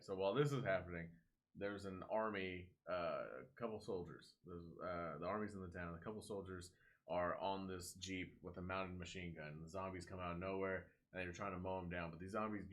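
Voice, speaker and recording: A young man co-hosting a podcast, telling a movie story in casual chat, swearing freely and acting out the characters' lines. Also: sits low. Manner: animated storyteller, swears a lot, acts out voices. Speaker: podcast co-host.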